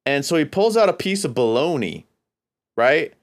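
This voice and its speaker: A man's voice: on the high side, big pitch swings, normal speed. A man from California hosting a podcast, telling a long, rambling, profane story in a casual, laid-back way. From California, USA. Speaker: podcast host.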